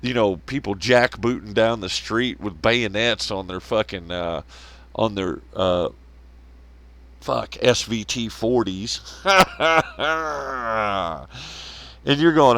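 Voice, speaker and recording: A man's voice: on the low side, slow, fairly bright tone, no echo. A man hosting a solo commentary show, rambling, swearing a lot and laughing at his own jokes. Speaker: podcast host.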